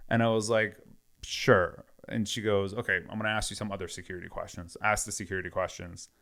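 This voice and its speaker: A man's voice: on the low side, brisk, vocal fry. A man casually retelling a story with lots of quoted back-and-forth. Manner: animated retelling with many quoted exchanges.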